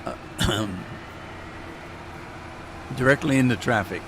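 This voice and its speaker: A man's voice: medium pitch, slow, noisy background. A man casually talking through a farming game on a live stream, joking with his chat. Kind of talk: casual gameplay commentary.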